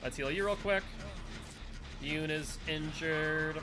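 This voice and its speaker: A man's voice: a little high, takes it slowly. A man giving casual running commentary while playing a game live and chatting with viewers and teammates. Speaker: streamer.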